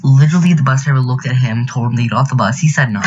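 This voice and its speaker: A teenage boy with a mid-range voice races through an indignant, rambling story packed with fillers, narrating a speed build over game footage for his YouTube channel. It's a casual storytelling voiceover, and the audio is dull with a noisy background.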